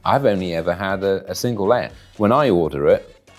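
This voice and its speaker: Deadpan man with a low, husky voice, dry and wordy, in a studio. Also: fairly quick, soft background music. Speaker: guest taste-testing food. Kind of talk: deadpan comic commentary.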